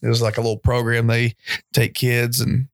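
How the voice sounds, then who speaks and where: A man trades quick jokes and reactions with his podcast partner in loose banter. His voice sits in a plain middle range and sounds dry and close, with no room sound. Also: mid-range voice, monotone, dry recording. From eastern Kentucky. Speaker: podcast co-host. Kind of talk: casual banter.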